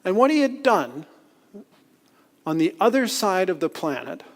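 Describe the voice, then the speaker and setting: Male speaker, slightly high voice, self-deprecating storyteller, long hall reverb. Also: sing-song, a little slow. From Canada. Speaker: conference speaker. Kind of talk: storytelling talk. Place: lecture hall.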